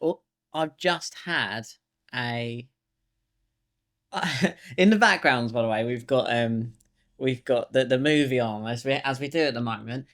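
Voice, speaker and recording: A man co-hosting a podcast, chatting loosely about films, halting often with "like" and "you know". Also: mid-range voice, fairly bright tone. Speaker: podcast co-host. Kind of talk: casual film discussion.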